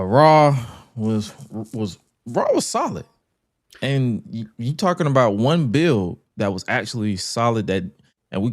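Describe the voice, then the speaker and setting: A man hosting a casual wrestling podcast, animated and slangy, often repeating words. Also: on the low side, no echo, studio quality. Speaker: podcast host.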